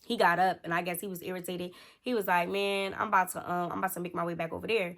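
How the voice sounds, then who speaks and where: A woman in her thirties telling a story in casual chat, talking straight to her viewers and animated in the retelling. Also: lowish voice, fast, gravelly. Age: 30s. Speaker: storytelling vlogger.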